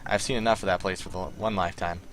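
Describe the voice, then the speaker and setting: A man voicing a nervous, indebted male hacker with a put-on Southern accent, talking in halting, filler-heavy bursts. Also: low voice, fairly even intonation, a bit bright, a little hiss or hum. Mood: scheming.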